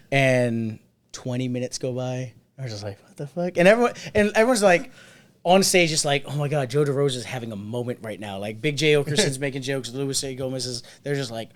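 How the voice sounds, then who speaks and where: A man co-hosting a podcast, telling a story in casual chat and acting out the people he quotes. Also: mid-range voice. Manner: animated, acts out quotes in other voices. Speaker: podcast co-host.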